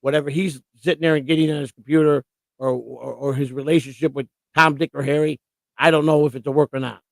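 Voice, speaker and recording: A man's voice: on the high side, steady tone, quick pace, vocal fry, no echo. A man co-hosting a casual live stream, talking bluntly and profanely in long rants. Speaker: co-host.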